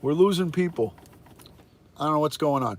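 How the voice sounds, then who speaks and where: A retired detective from the United States, this older man hosts a laid-back live stream from his phone at a moderate pace. His slightly high voice has lively intonation as he warmly greets viewers by name and reports the viewer count.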